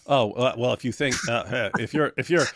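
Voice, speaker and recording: A man's voice: mid-range voice, normal speed, fairly bright tone, no echo. A man co-hosting a casual livestream, reading viewer comments aloud, rambling and laughing at his own puns.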